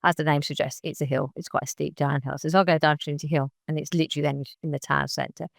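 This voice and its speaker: A woman's voice: low voice, fast talker, vocal fry, no room sound, clean studio sound. A woman, a guest on a podcast recounting her story and acting out other people's lines as she goes. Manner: animated retelling that acts out other people's lines. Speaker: interview guest.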